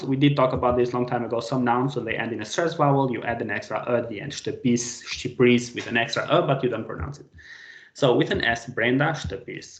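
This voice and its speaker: Male language tutor, gravelly voice, patient, roomy echo on a video call. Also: mid-range voice. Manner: patient, questioning students by name. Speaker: language teacher. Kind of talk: online class teaching.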